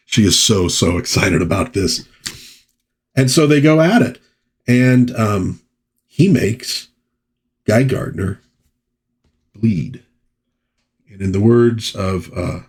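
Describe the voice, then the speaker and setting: A man's voice: fairly low pitch, animated, slow pace, long pauses, breathy edge. A man hosting a comic book review show who narrates the story casually, reads panel dialogue aloud and breaks off for chatty asides. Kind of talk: casual commentary.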